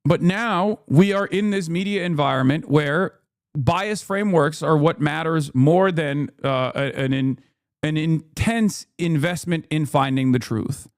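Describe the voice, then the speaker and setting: A man's voice: a little high, unhurried, no echo, clean studio sound. A man streaming a casual commentary rant, emphatic and profane, stumbling over fillers and restarts.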